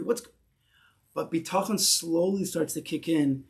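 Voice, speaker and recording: A man's voice: high-pitched, very animated, unhurried, vocal fry, pauses often. Emphatic man teaching a Torah class. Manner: emphatic, repeats key phrases with rising intensity; mixes Hebrew terms into English.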